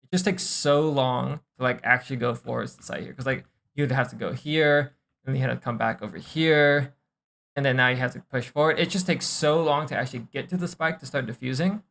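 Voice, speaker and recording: A young man streaming, casually reviewing gameplay and coaching, relaxed and thinking aloud with lots of fillers and the odd swear. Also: medium pitch, brisk, vocal fry.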